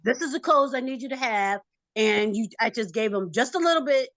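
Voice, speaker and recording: A woman speaking over a video call from home, warm and gushing about her project. She laughs often and repeats her thanks. Soft music sits faintly in the background. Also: a little high, expressive, brisk, no echo. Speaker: filmmaker guest. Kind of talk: casual video call interview.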